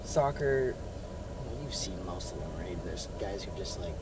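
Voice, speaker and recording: A young man chatting casually in a rambling, animated way, full of fillers, telling a story from inside a car. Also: sits low, normal speed, far from the mic, very noisy. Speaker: vlogger. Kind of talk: casual chat.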